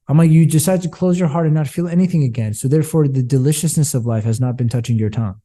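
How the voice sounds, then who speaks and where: Coach guy with a real dark warm voice getting preachy in an interview. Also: a little high, expressive, rapid-fire, few pauses. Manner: passionate, preachy storytelling; quotes himself and others in dialogue. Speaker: business coach. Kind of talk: candid interview talk.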